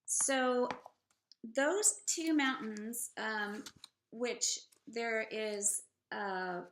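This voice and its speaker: A woman teaching on prophecy, reading scripture aloud and adding halting, filler-laden commentary in a measured way. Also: on the high side, fairly bright tone, a little hiss or hum. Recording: roomy echo.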